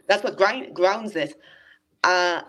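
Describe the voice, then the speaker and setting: A woman with a slightly low voice talks through her filmmaking on a casual podcast. She tells stories in an animated way, slipping into the voices of people she quotes. Her speech is loose and unpolished, with the odd curse. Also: takes it slowly, low-quality recording. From not from Britain. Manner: animated storyteller, acts out quotes, casual swearing. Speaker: guest filmmaker.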